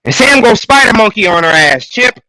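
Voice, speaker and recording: A man co-hosting a podcast, recapping a TV episode in casual chat and breaking into loud, exasperated outbursts. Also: sits high, normal speed, dry recording, rough recording. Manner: animated, bursts into loud exasperated outcries. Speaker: podcast co-host.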